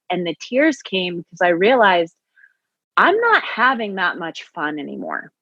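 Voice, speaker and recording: A woman's voice: fairly low pitch, big pitch swings, measured pace, pushed and bright, no room sound, muffled recording. A woman who teaches yoga and Pilates, telling her story earnestly as a podcast guest. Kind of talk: conversational podcast interview.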